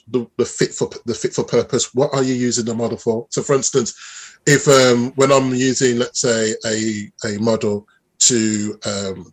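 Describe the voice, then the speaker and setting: Man, middle-aged, husky voice, lively storyteller, interview guest. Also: mid-range voice. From Birmingham, England. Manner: animated storyteller, many restarts. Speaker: mathematician guest. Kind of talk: conversational interview.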